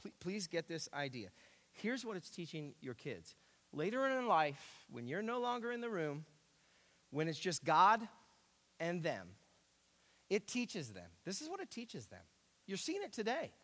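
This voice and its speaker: A man preaching a sermon as pastor, emphatic and animated, repeating key phrases. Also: high voice, unhurried. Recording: echoey hall.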